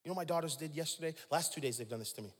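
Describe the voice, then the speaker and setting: A man in his forties preaching a sermon, swinging from hushed lines to shouts and calling out to the congregation. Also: on the high side, racing, big-room sound. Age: 40s. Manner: dramatic swings from hushed to shouting, call-and-response with the crowd. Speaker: pastor.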